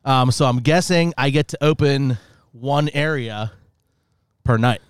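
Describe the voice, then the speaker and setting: A man's voice: mid-range voice, a little slow, smooth, no room sound, clean studio sound. A man co-hosting a podcast, laughing and cursing as he chats with friends. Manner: laughing, swears, describes things. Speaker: podcast co-host. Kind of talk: casual podcast banter.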